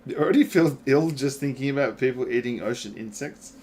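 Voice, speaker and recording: A man streaming a game and chatting with his viewers, swearing freely, laughing often and reacting loudly to their messages. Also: medium pitch, fairly quick, slight background noise. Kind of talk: casual gaming livestream chat.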